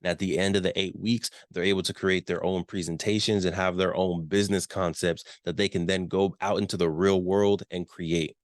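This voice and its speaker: Deep-voiced man coaching on sales. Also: flat delivery, moderate pace, hardly any pauses, no echo, studio quality. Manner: emphatic, repeats key questions, asks "right?". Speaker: workshop presenter. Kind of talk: business coaching talk.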